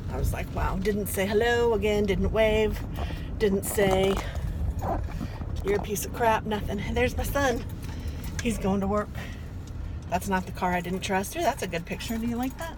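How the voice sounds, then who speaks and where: A middle-aged woman vlogging casually from her car as she drives, chatty, flustered and self-deprecating, talking into a phone on a gooseneck holder. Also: medium pitch. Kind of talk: casual driving vlog. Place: inside a car while driving. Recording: car noise behind her.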